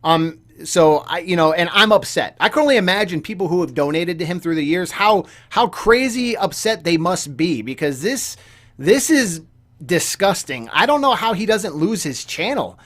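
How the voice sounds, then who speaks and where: A man's voice: sits high, expressive, normal speed, fairly bright tone. A young man delivering a casual commentary rant, heated and repetitive, with frequent stammering restarts. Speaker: gaming YouTuber commentator.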